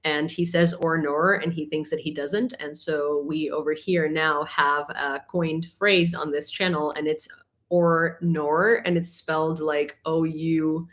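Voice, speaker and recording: A woman from Ukraine whose first language is Ukrainian, hosting a casual live stream. Her voice sits fairly low for a woman. She talks in a loose, rambling way and breaks into laughter often. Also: flat delivery, unhurried, hardly any pauses. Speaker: livestream host.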